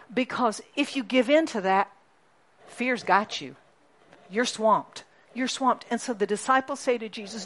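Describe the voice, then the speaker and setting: A woman preaching a sermon to a congregation, animated and emphatic, often asking the listeners questions and repeating key lines. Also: mid-range voice, moderate pace. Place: church congregation.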